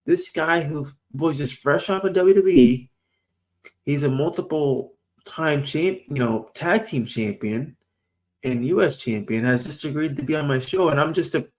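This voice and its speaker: A man who hosts a small podcast, chatting casually and telling an excited story with many false starts. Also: fairly high pitch, unhurried.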